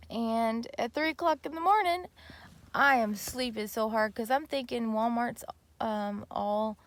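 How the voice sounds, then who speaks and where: A woman's voice: fairly high pitch, dry recording. Chatty woman telling a road-trip story. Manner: animated, with fillers and restarts. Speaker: vlogger. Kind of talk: casual storytelling to camera.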